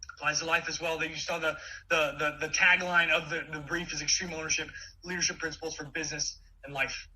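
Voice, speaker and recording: A man in his forties giving an energetic motivational talk, with many quick restarts. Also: on the high side, a little hiss or hum, poor audio. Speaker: keynote speaker.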